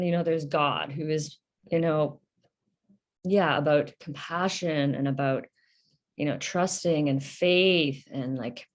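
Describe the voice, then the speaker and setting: Woman, podcast host, personal reflective talk, halting, gentle, slightly low pitch. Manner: halting, many fillers and restarts; soft, introspective, gentle.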